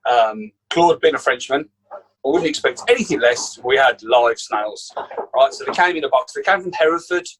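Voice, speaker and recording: A man with a Birmingham accent, a chef guest telling animated anecdotes in a casual interview. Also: medium pitch, normal speed, crowd noise, rough recording. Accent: Birmingham English. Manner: animated anecdote teller, acts out quotes. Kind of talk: casual storytelling.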